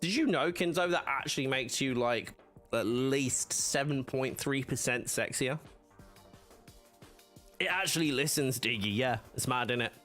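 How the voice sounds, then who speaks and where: Unhurried and fairly bright, a medium-pitched male streamer chats with his audience and reads their messages, spinning meandering stories with lots of fillers and frequent laughter. Soft music plays underneath.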